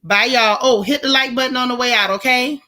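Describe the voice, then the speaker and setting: A woman from Florida, hosting a casual livestream and chatting with viewers in a blunt, animated, slangy way. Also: on the high side, a little fast. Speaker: livestream host. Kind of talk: casual livestream chat reading viewer comments.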